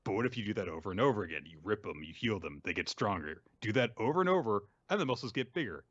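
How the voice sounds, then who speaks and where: A man's voice: lowish voice, sing-song, quick pace, fairly bright tone, husky, dry recording, muffled recording, heavily acted. A man voicing a cruel, dismissive male werewolf villain in a sneering, offhand way. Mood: gloating.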